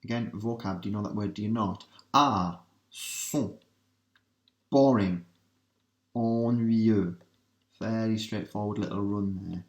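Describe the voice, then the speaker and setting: A man teaching a revision lesson, working through translations step by step and asking his students quick questions. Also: lowish voice, gravelly. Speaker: language teacher. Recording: roomy echo.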